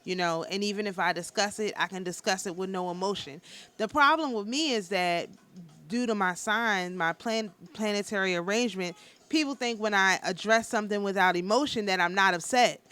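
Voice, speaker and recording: A woman giving a casual spiritual talk as a teacher, speaking in a calm, nonchalant, matter-of-fact way with a passionate undertone and frequent restarts. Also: mid-range voice, normal speed, clean tone. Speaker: spiritual teacher and tarot reader.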